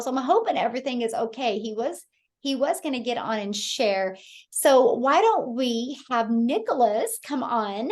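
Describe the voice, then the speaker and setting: A woman in her thirties from Kansas hosting a live webinar, telling a story with enthusiasm and often addressing her audience as "you guys". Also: fairly high pitch. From Kansas, USA. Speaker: host. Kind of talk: live webinar sales talk.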